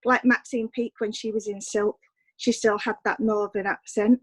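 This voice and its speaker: A woman's voice: medium pitch, level tone, normal speed, husky, poor audio. A woman from Manchester asking a guest a question at a Q&A, a little hesitant and full of fillers. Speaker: audience questioner.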